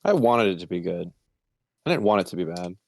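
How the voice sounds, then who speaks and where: A man's voice: sits low, sing-song, a little fast, creaky, a little mellow. A man co-hosting a gaming podcast in casual chat, earnest and a little defensive. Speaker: podcast co-host. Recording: dry close sound.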